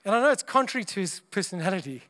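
A man with a notably high voice delivers a sermon to his congregation. He talks in a chatty, joking way and keeps acting out short exchanges between people. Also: big pitch swings, rapid-fire, bright, forceful tone. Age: adult parent of young children. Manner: chatty and humorous, acts out little dialogues. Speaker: preacher.

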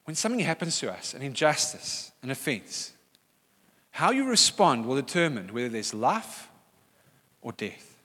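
A man's voice: mid-range voice, big pitch swings, normal speed, fairly bright tone. A middle-aged male pastor preaching a sermon, emphatic and repeating key phrases for weight. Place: church hall. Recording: church hall reverb.

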